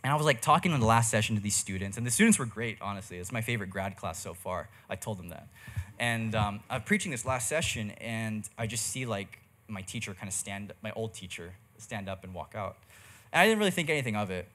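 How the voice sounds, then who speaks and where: A man's voice: on the low side, lively intonation, fairly quick, fairly bright tone. A young man preaching a sermon in church, telling a personal story in a casual, chatty way full of slang and fillers. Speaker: pastor.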